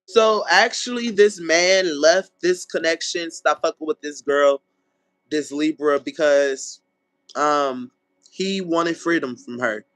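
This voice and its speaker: A man's voice: fairly high pitch, no room sound. A man giving a casual tarot reading. He talks bluntly and swears, and he acts out what people might say. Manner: animated, acts out people's lines in quick voices; blunt and profane, checks in with "okay?". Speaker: tarot reader.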